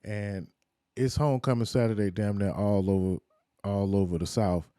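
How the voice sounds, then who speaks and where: A man hosting his podcast in a loose, relaxed chat, leaning on fillers and slang. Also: lowish voice, normal speed, smooth, no echo, studio quality. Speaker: podcast host.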